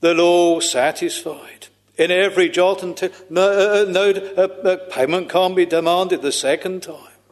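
A man's high voice fills a large hall as he delivers a solemn sermon in archaic, scripture-like wording. His preaching is slow and drawn out, punctuated by frequent sighed "ah"s.

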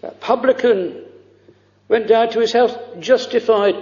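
A man preaching a fervent, pleading sermon, full of drawn-out exclamations and quoted prayers. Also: very high-pitched, darkish tone. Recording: lo-fi recording in a reverberant church.

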